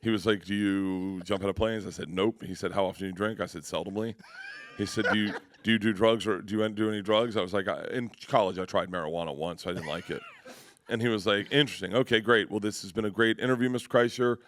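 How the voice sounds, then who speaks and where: A comedian telling rambling anecdotes in a radio interview, acting out other people's voices and laughing along. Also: male voice, low-pitched, fairly even intonation, fast. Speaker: comedian guest.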